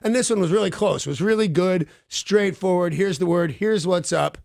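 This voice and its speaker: High, gravelly man telling a story on the radio. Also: normal speed, no room sound, clean studio sound. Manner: excitable, self-mocking, acts out quotes with big pitch jumps. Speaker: radio show host. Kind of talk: animated storytelling chat.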